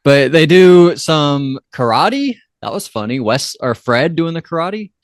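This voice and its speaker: A man's voice: expressive, unhurried, no echo. Rambling male co-host, dry sound. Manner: rambling, self-correcting, quotes lines in a lowered voice. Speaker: podcast co-host. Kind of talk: casual chat recapping a TV episode.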